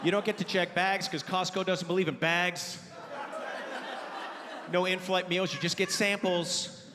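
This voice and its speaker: A man in his forties performing a stand-up comedy set, telling loud, animated stories and breaking into sudden high yelps. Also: a little slow, in a large hall, noisy background. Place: theater stage before a live audience.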